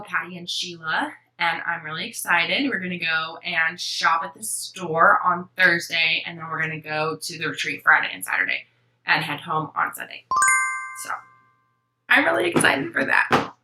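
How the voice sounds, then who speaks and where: A young woman chats to camera about her stitching, sentimental and rambling, filling pauses with ums. Her voice sits a little low but sounds very bright and sharp. The room around her is roomy and echoey. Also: a little hiss or hum. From Florida. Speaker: cross-stitch vlog host. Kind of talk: casual chat to camera.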